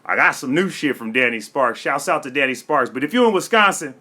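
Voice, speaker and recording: A man's voice: mid-range voice, sing-song, a little fast, pushed and bright. A man from Florida, a comedian and rapper, freestyling and then telling a story in a brash, profane, streetwise way. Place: home studio.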